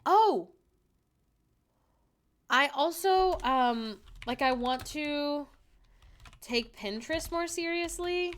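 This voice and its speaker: A young woman chats casually with her viewers from home, fairly high and very lively in pitch. She jokes about herself and laughs easily, talking into a desk microphone. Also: slow, pauses often. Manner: chatty, laughs often, self-deprecating. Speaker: streamer. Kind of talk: casual livestream chat.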